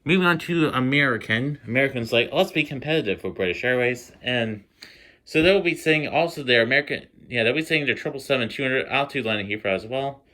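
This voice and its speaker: A man's voice: mid-range voice, quick pace, pushed and bright. Young man chatting through his models. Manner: rambling, many ums and restarts. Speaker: model airport hobbyist host. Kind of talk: casual hobby video narration. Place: dim indoor room at home.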